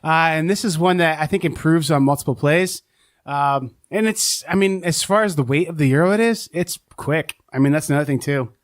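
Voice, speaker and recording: Guy cohosting a podcast, kinda high voice, rambles and hedges a lot. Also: a little fast. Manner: rambling, hedging, self-deprecating. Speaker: podcast co-host. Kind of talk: casual chat.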